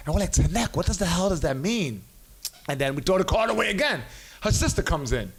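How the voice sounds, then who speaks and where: A man hosts a casual podcast with a fairly high voice. His pitch swings widely as he tells stories. He swears freely and mimics the people in his tales. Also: normal speed, pauses often, slightly rough. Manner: animated storyteller, swears freely, acts out quotes. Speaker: podcast host, comedian. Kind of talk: casual chat.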